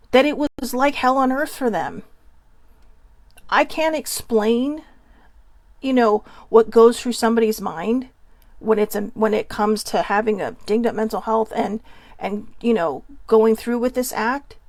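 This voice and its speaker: A woman host speaking earnestly with a Hawaiian accent, emotional and near tears, halting and repeating herself. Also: a little high, darkish tone, no room sound. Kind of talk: emotional personal talk.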